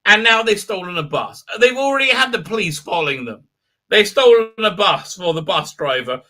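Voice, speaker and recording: A man's voice: sits high, expressive, normal speed, pushed and bright. A man hosting a live stream, recapping an episode in a rambling, sarcastic way with many fillers. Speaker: show host.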